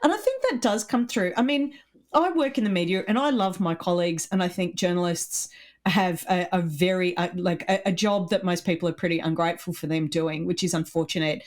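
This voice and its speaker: A middle-aged woman with an Australian accent, co-hosting an animated, opinionated political podcast chat. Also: fairly low pitch, fairly quick. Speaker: podcast co-host.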